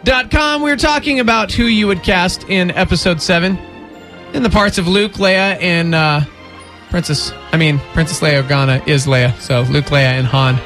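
A man's voice: high voice, normal speed, a bit bright. A man hosting a morning radio show, bantering casually and joking with his co-host. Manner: playful, jokey, casual. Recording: music bed under the talk.

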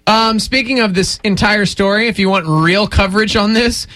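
A man's voice: high voice, normal speed, bright, forceful tone, no echo. A man hosting a morning radio show, bantering casually and joking with his co-host. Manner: playful, jokey, casual. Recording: music bed under the talk.

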